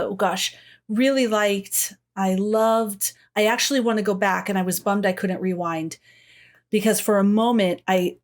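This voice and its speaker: A middle-aged woman co-hosting a podcast, chatting casually and animatedly, swearing freely and acting out her own reactions. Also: medium pitch. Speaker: podcast co-host. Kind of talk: casual chat.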